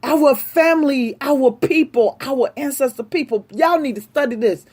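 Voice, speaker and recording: A woman delivering an impassioned, angry rant straight to her audience, speaking forcefully. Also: sits high, normal speed. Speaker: vlogger. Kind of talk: impassioned direct-to-camera rant.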